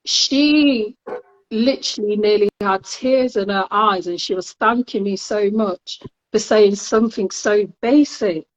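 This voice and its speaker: A woman's voice: medium pitch, unhurried, muffled recording. A woman from Nottingham with a Nottingham accent, telling stories in a casual chat, laughing often. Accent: Nottingham English. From Nottingham, England. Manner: chatty storyteller, laughs often. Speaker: podcast co-host.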